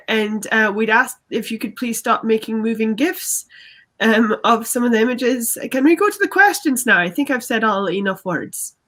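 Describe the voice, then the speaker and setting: A woman's voice: high voice, low-quality recording. A woman improvising a flustered female company boss who stammers and apologises at a press conference. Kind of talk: improv comedy scene.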